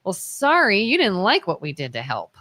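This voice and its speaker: A woman's voice: mid-range voice, huge pitch swings, normal speed, pushed and bright, no room sound. A woman co-hosting a live talk show from a studio, arguing her side with a string of rhetorical questions. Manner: argumentative, fires rhetorical questions. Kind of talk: live talk radio debate.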